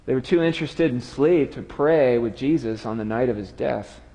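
A man preaching a sermon, retelling a story with dramatic swings from lively to hushed. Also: medium pitch, moderate pace. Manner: storytelling, dramatic drops to quiet. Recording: long hall reverb.

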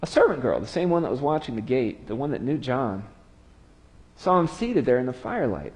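A man's voice: mid-range voice, sing-song, brisk. Brief: male preacher, mid-range voice, dramatic storyteller, long hall echo. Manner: storytelling, dramatic drops to quiet. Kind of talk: sermon.

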